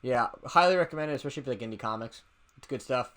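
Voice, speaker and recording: A man's voice: medium pitch, very fast, fairly bright tone. A man hosting a podcast in casual chat, loose and profane, often repeating words as he goes. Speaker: podcast host.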